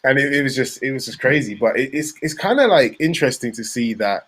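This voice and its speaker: A man's voice: mid-range voice, lively intonation, fairly quick, fairly bright tone. Laid-back London man. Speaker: podcast host. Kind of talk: casual podcast chat.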